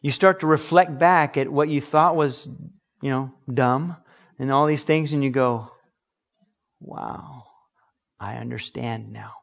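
An earnest male pastor delivers a sermon with emphatic conviction. His voice sits a little higher than most men's. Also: steady tone, measured pace. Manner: earnest, emphatic preaching with acted-out examples.

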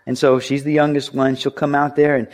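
A middle-aged pastor preaches in an easy, conversational voice with a pitch that is neither high nor low. He slips into the voices of the people in his stories and rises to urgent pleas. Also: level tone, fairly quick, darkish tone. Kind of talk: sermon.

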